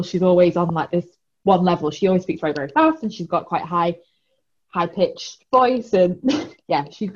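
A woman's voice: fairly low pitch, darkish tone. A woman, a guest on a podcast, chatting casually and often searching for words. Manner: rambling, searches for words, laughs. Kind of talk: casual chat. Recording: dull lo-fi sound.

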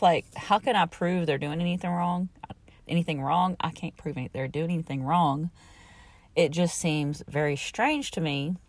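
Middle-aged woman, podcast host, exasperated casual storytelling, slightly low pitch, dry close recording. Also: no echo. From Southern United States. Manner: chatty and exasperated, laughs between remarks.

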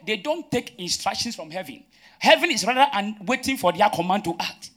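A man, preaching a sermon as pastor, calling out questions and swinging between loud emphatic bursts and quiet asides. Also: sits high, animated, moderate pace. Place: church.

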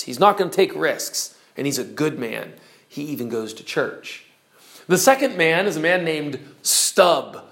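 A male teacher animatedly retelling a classic novel's story to his class, pausing to explain terms. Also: a little high, fairly bright tone.

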